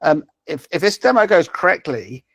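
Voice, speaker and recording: A man's voice: a little high, very animated, normal speed, gravelly, fairly bright tone, no room sound. A man presenting a language-learning app in a live webinar, talking over a video call with many fillers and restarts. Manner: hesitant, many fillers and repeated words.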